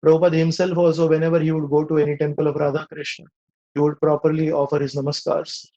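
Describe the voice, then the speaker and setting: A man's voice: fairly high pitch, completely flat delivery, fast, mellow, highs cut off. A man with an Indian accent teaching a scripture class in a conversational way, often asking his listeners rhetorical questions.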